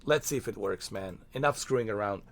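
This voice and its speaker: A man's voice: fairly low pitch, fairly quick, creaky. A man from Bosnia, chatting casually on his stream in a rambling, filler-heavy, profane way.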